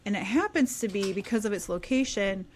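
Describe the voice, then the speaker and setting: Woman, thirties, podcast guest, casual storytelling, animated, quieter asides. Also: mid-range voice, fairly quick.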